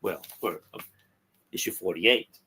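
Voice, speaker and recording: A man on a talk podcast casually retelling a comic's story, halting with ums and restarts. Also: deep voice, sharp tone, a little hiss or hum. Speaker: podcast co-host discussing comics.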